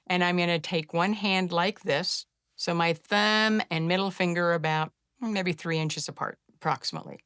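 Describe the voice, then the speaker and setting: A middle-aged woman with a smooth, clear voice set a little low leads a simple calming exercise with gentle encouragement. She drops to a soft hush through the breathing steps. The recording is close and dry. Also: no room sound. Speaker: wellness practitioner teaching a self-care technique. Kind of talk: guided instruction to camera.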